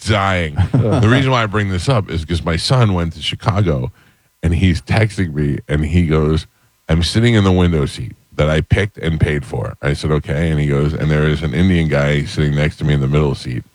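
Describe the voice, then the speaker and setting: A middle-aged man hosting a talk show, telling funny stories in an animated, chatty way and acting out the quotes. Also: rumbling low, moderate pace, dry recording. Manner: animated storyteller, acts out quotes. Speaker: radio show host. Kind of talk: casual storytelling chat.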